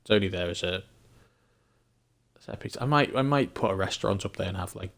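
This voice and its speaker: A man's voice: low-pitched, fairly quick, vocal fry, fairly bright tone. An English man from England chatting casually while streaming a game, rambling and thinking aloud with frequent chuckles.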